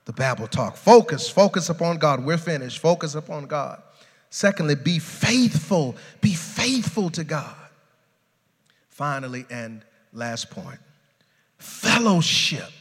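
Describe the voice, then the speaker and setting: A male pastor a sermon, dropping low and soft, then rising to loud, high shouting. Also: very animated, slow, breathy edge, in a large hall. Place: large church sanctuary.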